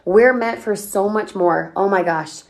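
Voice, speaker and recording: Brief: upbeat female coach on a livestream, chatty, quick-fire questions to viewers, mid-pitched voice. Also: vocal fry. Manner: energetic, chatty, asks rapid questions. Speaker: online business coach. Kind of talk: livestream chat reading viewer comments.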